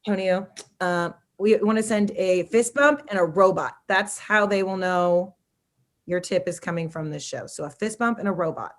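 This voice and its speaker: A woman with an American accent, a comedian hosting a casual interview, chatty and excitable. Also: on the low side, normal speed. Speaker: comedian host.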